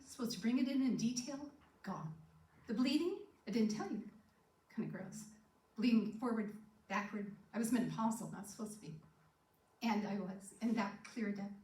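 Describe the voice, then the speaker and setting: A woman's voice: a little high, moderate pace. Woman telling her story in an echoey hall. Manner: storytelling, acting out dialogue with animated shifts. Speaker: guest speaker sharing testimony. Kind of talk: personal testimony talk. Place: church hall. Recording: echoey hall, distant from the mic.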